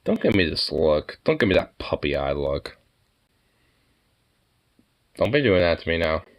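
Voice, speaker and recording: A man's voice: sits low, big pitch swings, unhurried. A young man vlogging casually, talking to his dog in cooing baby talk and swearing offhandedly.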